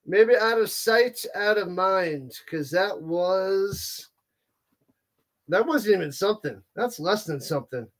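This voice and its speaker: A man with a fairly high voice hosts a live watch-party stream in a casual, chatty way. He reacts in an animated manner, with plenty of groans and exclamations, and greets viewers as they join. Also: slow. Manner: animated, exclaiming, groaning at bad card pulls. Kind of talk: casual livestream chat, reading viewer comments.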